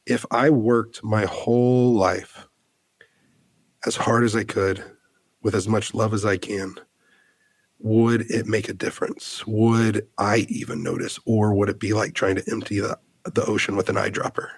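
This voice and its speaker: A man's voice: on the low side, flat delivery, unhurried, creaky, slightly rough, dry recording. A man in his thirties from the United States, a podcast guest telling a heartfelt personal story in an earnest way, full of "like" fillers and restarts.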